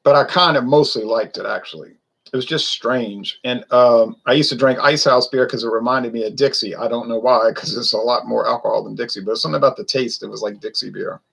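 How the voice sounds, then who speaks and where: A man's voice: mid-range voice, steady tone, a little fast, creaky, a bit bright, breathy edge, rough recording. A man, chatting loosely and rambling through a casual beer review. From Louisiana. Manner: rambling, chatty, wanders off topic.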